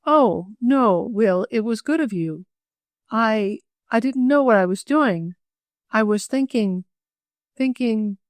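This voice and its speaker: A woman's voice: lively intonation, slow, dry recording. A woman voicing a shy, tearful teenage girl who stammers and hesitates, in an audiobook reading. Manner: stammering, hesitant, low-voiced.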